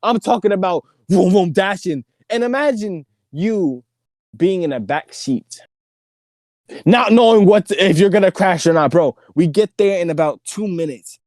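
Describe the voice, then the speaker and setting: A young man telling a story on a podcast, casual, slangy and animated, often laughing. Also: high voice, normal speed, no room sound, clean studio sound. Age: young adult. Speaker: podcast host.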